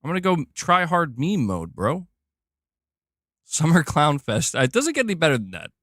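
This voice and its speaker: A man's voice: on the high side, wildly swooping pitch, moderate pace, fairly bright tone, no room sound, clean studio sound. A man hosting a casual gaming livestream, joking and swearing freely as he talks to chat. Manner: loose, profane, joking. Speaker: livestream host.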